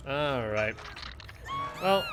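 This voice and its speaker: A man's voice: mid-range voice, wildly swooping pitch, drawn-out words, over music. A man streaming a video game, chatting casually and musing aloud about the match and the game's balance. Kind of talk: gameplay commentary.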